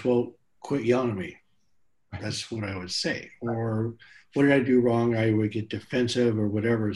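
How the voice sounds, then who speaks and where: Male host chatting, curious n candid, regular mid voice. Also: mid-range voice. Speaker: podcast host. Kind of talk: podcast interview.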